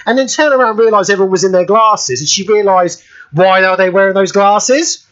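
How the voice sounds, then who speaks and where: A British man hosting a radio show in casual chat, excitable and quick to burst out laughing. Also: sits high. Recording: dull lo-fi radio audio.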